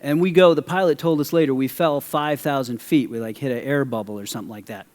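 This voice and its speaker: A middle-aged male pastor preaching a sermon, animated as he tells a story and questions the audience. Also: mid-range voice, quick pace. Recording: long hall reverb.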